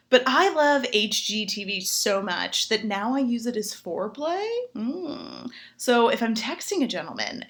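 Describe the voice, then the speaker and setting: A woman in her twenties from Chicago, performing a sarcastic stand-up comedy set. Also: medium pitch. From Chicago, United States. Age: 20s. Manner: animated, sarcastic punchline delivery.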